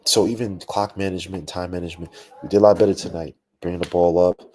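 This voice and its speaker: A young man hosting a live post-game basketball podcast, talking in an animated, slangy, ranting way with lots of asides. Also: deep voice, fast. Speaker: podcast host.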